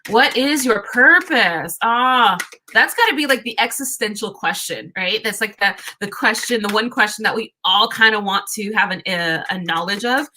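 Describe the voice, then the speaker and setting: A woman's voice: mid-range voice, animated, moderate pace, sharp tone, a little hiss or hum. A woman hosting a live tarot reading stream, chatting casually and upbeat, greeting viewers by name and often restarting her phrases.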